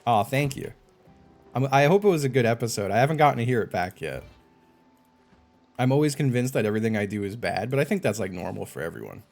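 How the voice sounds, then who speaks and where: A man's voice: medium pitch, fast talker, gravelly, faint music behind. A man streaming a game live, chatting casually with viewers, swearing and getting exasperated. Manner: animated, swearing, exasperated outbursts.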